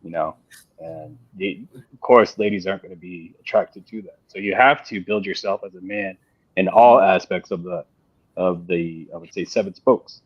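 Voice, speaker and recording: A man talking on a panel in a casual discussion, halting and repeating himself with many fillers. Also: low voice, slightly rough, no echo. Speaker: panel guest. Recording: dull dry lo-fi sound.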